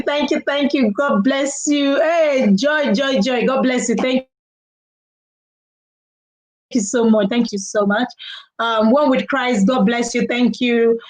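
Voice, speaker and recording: A young woman with a Nigerian English accent and a high voice hosts a casual live stream, chatting loosely, repeating herself, and laughing a lot.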